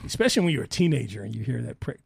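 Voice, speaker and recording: A man's voice: mid-range voice, expressive, racing, creaky, husky, no echo. A man co-hosting a radio talk show, joking crudely and rambling, slurring slightly from a bitten tongue. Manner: rambling, laughs often, stumbles over words. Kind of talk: crude casual banter. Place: radio studio.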